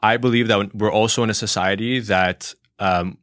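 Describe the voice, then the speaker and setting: Opinionated low-voiced man, dry mic. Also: fairly even intonation, normal speed, a bit bright, dry recording. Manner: opinionated, emphatic, repeats words when starting. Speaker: podcast co-host. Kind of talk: casual podcast discussion.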